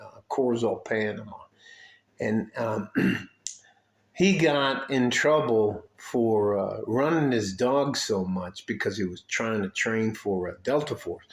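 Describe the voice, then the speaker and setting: An older man from Detroit telling rambling, profane army stories in a casual way, with frequent asides and throat clearing. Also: medium pitch. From Detroit, USA. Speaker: army veteran storyteller. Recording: echoey room.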